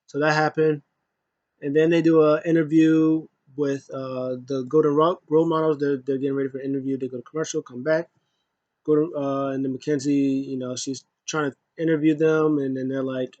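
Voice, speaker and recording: A man's voice: a little high, steady tone, normal speed, a little mellow, no room sound, muffled recording. A man giving a loose, rambling casual recap as a wrestling show reviewer, full of asides.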